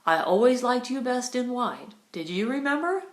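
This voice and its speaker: A woman reading an audiobook, voicing a young, brawny Western man with a lower, husky voice and a mild, teasing manner, in a roomy, echoey recording. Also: very animated, normal speed. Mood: wry. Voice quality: deeper and husky. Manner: mild, teasing and half sad. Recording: roomy echo.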